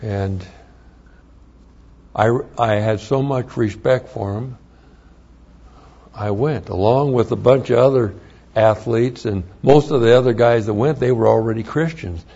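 An older man giving an earnest, plain-spoken personal testimony, with halting restarts as he tells his story. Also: medium pitch, vocal fry, dark tone, husky. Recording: dull lo-fi recording.

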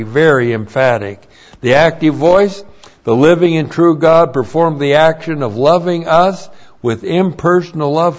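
Slow, deliberate male Bible teacher. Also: a little high. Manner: slow, deliberate, spells out Greek words letter by letter. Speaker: pastor. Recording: dull lo-fi sermon recording.

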